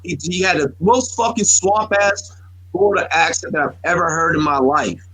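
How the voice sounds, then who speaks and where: A man's voice: a little high, moderate pace, bright, forceful tone, slightly rough, no room sound, low-quality recording. A man in his thirties, a podcast co-host, telling rambling, profane stories in casual sports talk, full of restarts. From United States.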